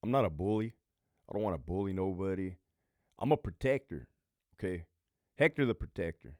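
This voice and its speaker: A man's voice: sits low, expressive, brisk, dry recording, clean studio sound. Fields: Sex: man. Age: 30s. Origin: from Southern California. Role: podcast host and former prison lieutenant. Style: casual Q&A storytelling, blunt and heavily profane.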